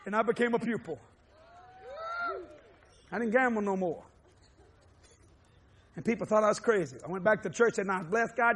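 High-voiced shouting Southern preacher man. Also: moderate pace, pauses often, husky. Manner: shouting, swinging from low to loud preaching. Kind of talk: televised sermon.

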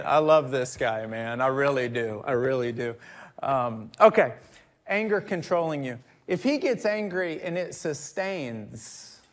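A middle-aged male pastor preaching a conversational sermon, joking with the crowd and swinging between quiet asides and loud emphatic bursts. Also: medium pitch. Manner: conversational, jokes with the congregation.

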